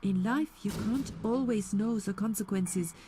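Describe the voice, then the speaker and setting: A woman voicing a slow, menacing old crone. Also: mid-range voice, a little hiss or hum, natural voice. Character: sinister old woman, cold, mocking, controlling. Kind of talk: video game voice acting. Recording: game audio under loud music.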